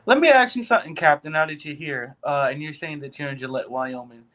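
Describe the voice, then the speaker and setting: A man's voice: a little high, a little fast, a bit bright, poor audio. A man co-hosting a casual trucker chat, joking around and laughing often.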